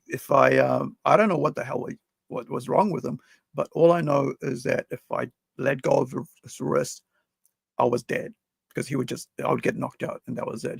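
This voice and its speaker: Guy with a real gravelly raspy voice, rambling through a story with lots of "like, you know". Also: mid-range voice, no room sound. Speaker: podcast co-host. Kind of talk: emotional personal storytelling.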